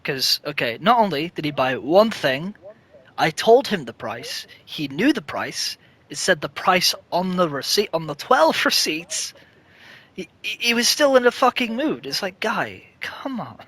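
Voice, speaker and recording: A man's voice: sits high, big pitch swings, a little slow, a bit bright. A young man co-hosting a podcast, telling shop stories with swearing, laughter and stammered restarts. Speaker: podcast co-host. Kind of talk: casual chat.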